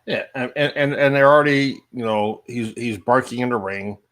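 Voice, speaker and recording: A man's voice: mid-range voice, steady tone, normal speed, fairly bright tone. A man co-hosting a casual wrestling podcast, adding short reactive comments. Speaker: podcast co-host.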